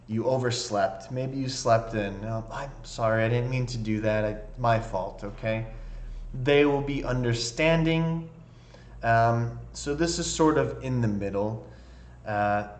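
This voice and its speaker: A man's voice: medium pitch, slight background noise. A man teaching an English lesson, explaining patiently and often checking in with the learners by asking "okay?". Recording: echoey room.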